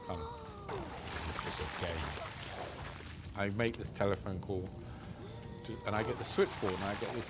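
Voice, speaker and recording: A man recounting his time as a hostage in a halting, subdued way, full of restarts. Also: very noisy. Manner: halting, many restarts, subdued and low-key. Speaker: interviewee recounting being held hostage. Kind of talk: reflective personal storytelling.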